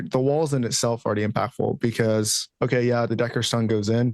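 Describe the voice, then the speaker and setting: A man's voice: lowish voice, a little mellow, dry recording. A man co-hosting a casual gaming podcast, arguing his points and explaining game strategy. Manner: argumentative, explaining. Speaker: co-host.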